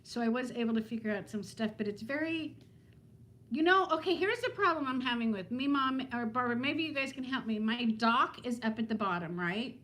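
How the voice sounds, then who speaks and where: A woman in her fifties hosts a casual live stream from home. Her voice sits slightly high, and she talks easily to viewers, naming them one by one and often laughing. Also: expressive, brisk, a bit bright. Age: 50s. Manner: chatty, talks to viewers by name, frequent laughs. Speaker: vlogger hosting a live stream.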